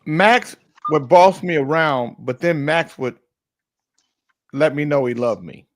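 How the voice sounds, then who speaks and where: A middle-aged man with a notably high voice hosts a casual morning show. He teases his co-host and tells crude jokes in playful, profane banter. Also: lively intonation, takes it slowly, no room sound, studio quality. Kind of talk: casual banter and joke telling.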